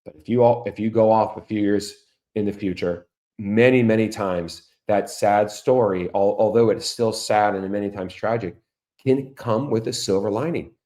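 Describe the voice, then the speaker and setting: This is a podcast host, a middle-aged Orlando, Florida man whose lowish voice is a little mellow and moves at normal speed. He addresses listeners directly in a chatty solo talk full of rhetorical questions.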